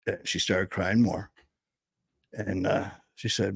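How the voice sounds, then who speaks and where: A man telling a personal story, candid and blunt, swearing freely and pausing often. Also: low voice, flat delivery, gravelly, fairly bright tone, breathy edge, no echo. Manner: halting, full of fillers and restarts.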